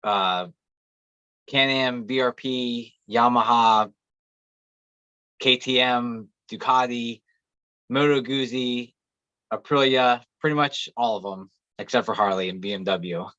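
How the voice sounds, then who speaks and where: A man co-hosting a podcast, talking in a plain, matter-of-fact way with halting restarts over a video call. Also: mid-range voice, a bit bright, clear, resonant tone, no room sound, muffled recording. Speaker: podcast co-host, mechanic. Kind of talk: casual chat.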